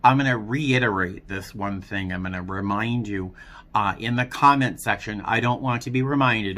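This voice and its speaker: A man talking earnestly and self-critically in a personal vlog, speaking softly. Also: lowish voice, moderate pace. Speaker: vlogger.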